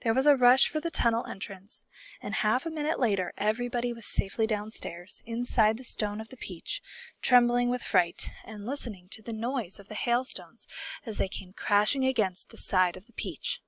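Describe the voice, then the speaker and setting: A woman narrating a children's story aloud in a steady, expressive storytelling manner. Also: a little high, normal speed, dry recording. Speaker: audiobook reader.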